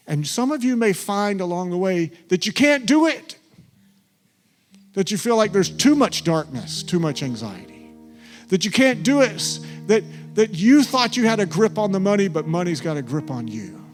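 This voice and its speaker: A male pastor preaching a sermon in a church, with a dramatic delivery that sinks to near whispers. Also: high-pitched. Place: church sanctuary.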